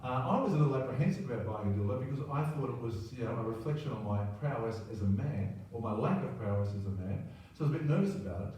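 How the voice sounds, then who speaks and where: Mellow older Australian man in a roomy space. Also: mid-range voice, lively intonation, fast, few pauses. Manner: rambling, self-deprecating, keeps adding "right?". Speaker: storyteller. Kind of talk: personal anecdote monologue. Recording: very roomy, distant mic, faint ambience.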